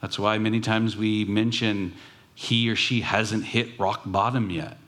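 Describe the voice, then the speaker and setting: A man's voice: on the low side, fairly even intonation, a little slow, fairly bright tone. A man preaching a sermon as pastor, earnest, with emphatic rising bursts.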